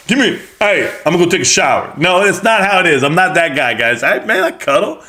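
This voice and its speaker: A man's voice: sits high, expressive, moderate pace, pushed and bright. A middle-aged man hosting a live stream, chatting casually with brash, joking, profane banter as he answers his chat. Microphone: streaming microphone.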